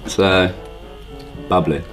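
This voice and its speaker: A man's voice: deep voice, fairly even intonation, drawn-out words, soft background music, low-quality recording. A man hosting a casual vlog, dry and self-mocking, with lots of ums. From England. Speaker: host.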